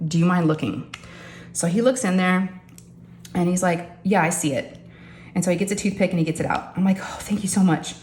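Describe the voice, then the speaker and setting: A middle-aged woman chatting casually as a crafting vlogger, animated and talking straight to her viewers. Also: on the low side, fairly quick, pauses often, slight background noise. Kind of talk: casual storytelling chat. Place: home craft room. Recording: echoey room with faint ambience.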